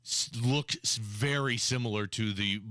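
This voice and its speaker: A man's voice: lowish voice, measured pace, pushed and bright, dry recording, studio quality. A man hosting a talk radio show, chatting casually and often repeating words as he starts a sentence. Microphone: studio microphone.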